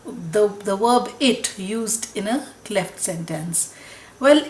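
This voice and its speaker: A woman with a fairly high voice teaches grammar in a recorded lesson. She explains step by step, often checks in with "right?", and corrects herself as she goes. The room sounds echoey. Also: slight background noise. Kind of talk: recorded online lecture.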